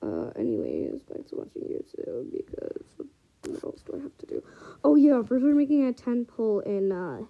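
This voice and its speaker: A young woman casually chatting to herself while playing a game and watching videos, excitable and slangy, swinging between loud outbursts and quiet mutters. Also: mid-range voice, normal speed, vocal fry, muffled recording. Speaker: vlogger. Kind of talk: casual gaming commentary.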